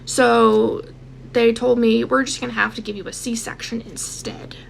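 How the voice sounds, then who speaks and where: A young woman tells a personal story to her viewers in a casual, animated way. Her voice sits a little high and has a gravelly fry. She acts out the lines of the people in her story, over a faint hiss in the background. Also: measured pace. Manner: animated, addresses viewers directly, acts out quotes.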